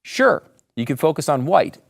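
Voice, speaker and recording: A man's voice: fairly high pitch, normal speed, gravelly, no room sound, clean studio sound. A man hosting a political commentary show, talking in a sarcastic, mocking, emphatic way. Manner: emphatic, lively delivery. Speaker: host.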